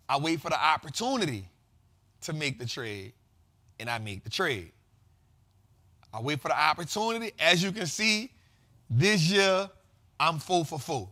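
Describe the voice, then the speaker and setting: A man hosting a casual investing show, explaining market terms in slangy, repetitive, animated talk. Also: high-pitched. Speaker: host.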